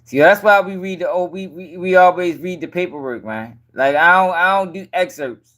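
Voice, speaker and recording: A tired young man hosting a late-night livestream, chatting with viewers in a casual, profane, animated way. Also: sits high, moderate pace. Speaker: livestream news commentary host.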